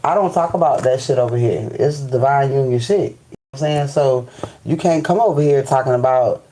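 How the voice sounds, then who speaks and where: Guy ranting on his live, mellow voice, swears a lot, keeps saying you know what I'm saying, faint hiss behind. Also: medium pitch, fairly quick, rough recording. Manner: restarts and stammers when fired up. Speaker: spiritual live-stream host. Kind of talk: casual live-stream rant.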